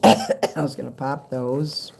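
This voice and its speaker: A man's voice: medium pitch, steady tone, takes it slowly, vocal fry, a little mellow, slight background noise. A man chatting casually to camera as he unboxes a fan's package at home, rambling, swearing and easily delighted. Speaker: vlogger opening a fan's package. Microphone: handheld camera.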